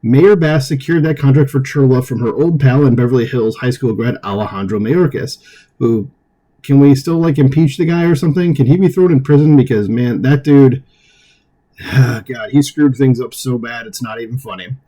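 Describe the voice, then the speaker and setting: A man with a mellow, dark voice hosts a political commentary show. He reads an article aloud and keeps stepping away from it for loose, conversational asides. His delivery is casual, full of fillers and small chuckles. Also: mid-range voice, normal speed.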